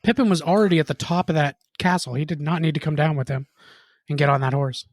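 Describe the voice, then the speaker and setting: A man co-hosting a casual podcast, chatty and quick to question the plot. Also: a little high, dry recording. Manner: chatty, puts on silly voices. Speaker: podcast co-host. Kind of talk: casual chat.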